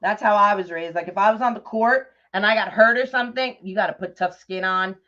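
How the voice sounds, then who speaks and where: Woman, middle-aged, livestream host; casual and chatty, mid pitch, muffled sound. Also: a little fast, a bit bright. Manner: chatty, laughs often, greets viewers by name. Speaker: livestream host of a bow-making craft show. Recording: dull lo-fi livestream audio.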